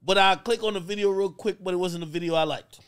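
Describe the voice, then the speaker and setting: A man hosting a talk show, animated and storytelling in casual chat. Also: sits high, quick pace, clean tone. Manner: animated, loud outbursts, storytelling. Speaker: host.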